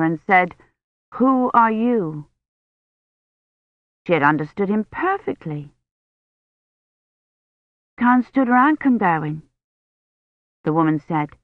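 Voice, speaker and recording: A woman reading an audiobook in a measured, even storytelling manner. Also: lowish voice, no echo. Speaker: audiobook narrator. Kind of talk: scripted narration. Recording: dull, slightly muffled studio audio.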